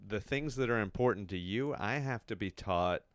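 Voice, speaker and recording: A man speaking as a podcast guest in casual chat, animated and emphatic. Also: fairly low pitch, normal speed, no echo.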